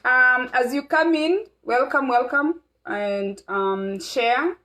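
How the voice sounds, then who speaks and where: A woman's voice: sits high, takes it slowly, sharp tone, rough recording. A middle-aged woman from Kenya hosting a casual family livestream, talking in a rambling way with many fillers.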